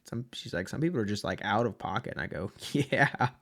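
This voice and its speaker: A man who coaches youth wrestling, chatting casually on a podcast and recounting stories in a relaxed way. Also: lowish voice, fast talker.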